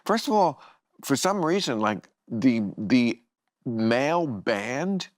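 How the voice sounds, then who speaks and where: A man's voice: medium pitch, sing-song, slow, no room sound, clean studio sound. An older man hosting a casual chat, wry and blunt, with frequent swearing. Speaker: host.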